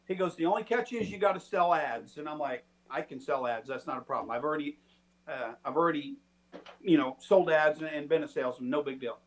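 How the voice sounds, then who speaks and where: A middle-aged man telling stories in a casual, animated way and acting out the people he quotes. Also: a little high, brisk. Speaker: storytelling guest. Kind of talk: casual storytelling.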